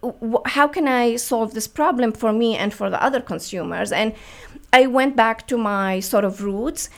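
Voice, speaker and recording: A woman's voice: a little high, moderate pace, gravelly. A woman from the Middle East, a business founder talking earnestly as a radio guest, with many fillers and restarts. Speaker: guest, beauty brand founder. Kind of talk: radio interview.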